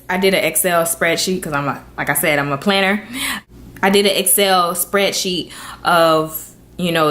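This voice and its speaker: A young adult woman vlogging to camera, telling a personal story with earnest, animated delivery and acted-out quotes. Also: fairly low pitch. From Florida.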